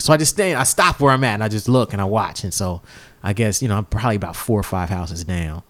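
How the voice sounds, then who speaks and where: Guy telling a crazy story, super animated, jumps up high doing other voices. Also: fast talker. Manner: animated, acts out voices in high pitch, swears freely. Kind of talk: casual storytelling.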